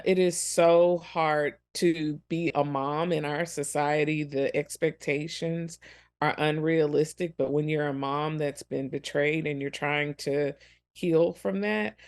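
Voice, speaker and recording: A woman's voice: deep voice, steady tone, takes it slowly. A woman co-hosting a ministry podcast, speaking earnestly and compassionately about helping children through hard times. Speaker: podcast co-host. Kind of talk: reflective ministry podcast talk.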